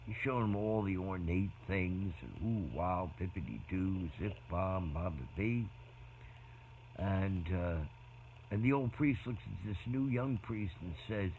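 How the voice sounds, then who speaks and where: A man in casual, meandering talk about faith, often halting and restarting his sentences. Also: sits low. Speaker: speaker in a faith conversation. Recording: dull lo-fi sound with faint noise.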